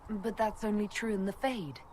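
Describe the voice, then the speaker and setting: An actress voicing a composed female elf leader who speaks in an even, matter-of-fact way. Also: mid-range voice, moderate pace, lightly acted. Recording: reverberant game audio with ambient noise. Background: game ambience.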